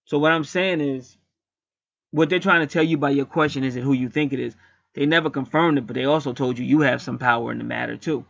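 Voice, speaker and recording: A man's voice: mid-range voice, quick pace, gravelly, a bit bright, dry recording, muffled recording. A middle-aged man acting as a spiritual reader, talking bluntly in a casual streetwise monologue and swearing freely.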